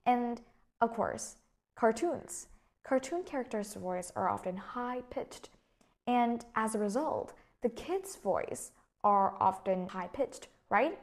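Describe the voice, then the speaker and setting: Woman, young adult, chatty English teacher, explains with examples. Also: mid-range voice. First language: Vietnamese. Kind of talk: casual English lesson.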